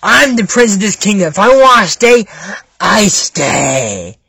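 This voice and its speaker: Young storyteller doing a cartoon prince, spoiled, bossy, haughty, strained shouting. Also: mid-range voice, big pitch swings, measured pace, slightly rough, no room sound, clean studio sound, full character voice.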